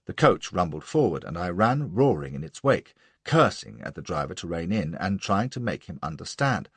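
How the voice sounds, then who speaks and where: A man's voice: low-pitched, sing-song, normal speed, breathy edge, dry recording. A man narrating a novel in the first person, with a brash, wry manner. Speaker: audiobook narrator.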